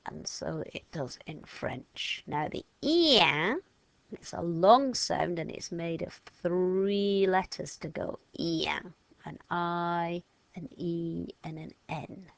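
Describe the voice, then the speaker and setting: Slow, patient woman teaching phonics. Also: fairly low pitch, gravelly, dry recording. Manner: slow, patient, modelling sounds aloud and stretching words. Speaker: French teacher. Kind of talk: step-by-step phonics lesson for children.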